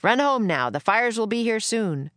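A woman voicing a dusty, brisk adult man who hauls library books, commanding and dismissive. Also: on the high side, sing-song, a bit bright, dry recording, voice pushed up.

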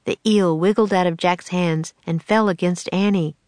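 Low-voiced woman narrating a storybook. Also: no room sound. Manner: measured, expressive, clear storytelling. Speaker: audiobook narrator.

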